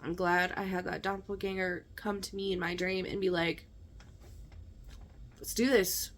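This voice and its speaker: A woman's voice: fairly low pitch, flat delivery, moderate pace, a bit bright. A woman vlogger telling a personal story in an emphatic, conversational way, often checking in with her listeners.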